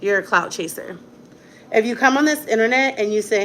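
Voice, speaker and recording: A woman's voice: on the high side, expressive, a little fast, fairly bright tone, a little hiss or hum. A young woman talking straight to her viewers in a casual vlog, blunt and defiant, with a lot of slang. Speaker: vlogger.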